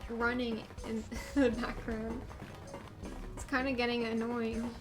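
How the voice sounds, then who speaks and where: A woman's voice: fairly high pitch, flat delivery, slow, music in the background. A woman streaming a game live, chatting and laughing while reading the game text aloud.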